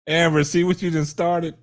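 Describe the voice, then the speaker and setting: A man hosting a live stream, laughing hard and whooping between casual remarks to his chat. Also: high voice. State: laughing to tears. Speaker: livestream host.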